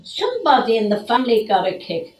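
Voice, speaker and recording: A woman's voice: on the high side, sing-song, fast. An older woman reminiscing in casual family chat. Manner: reminiscing, chatty. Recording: echoey room, mic far off, faint noise.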